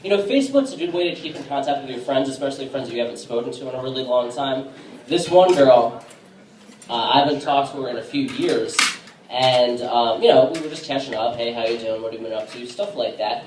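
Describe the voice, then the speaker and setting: A man works through a stand-up set at a bar, talking casually with lots of ums and restarts. His voice sits at a middle pitch and comes from some way off the recorder. The room echoes around him, and a faint hum of ambience runs underneath. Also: a little mellow, distant mic. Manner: casual, halting delivery with many fillers. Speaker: stand-up comedian. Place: comedy bar stage.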